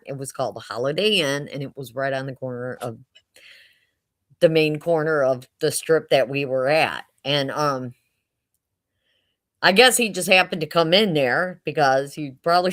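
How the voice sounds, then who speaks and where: A woman in her sixties telling family stories casually, chatty and animated, often laughing as she goes. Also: low voice. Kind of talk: casual storytelling.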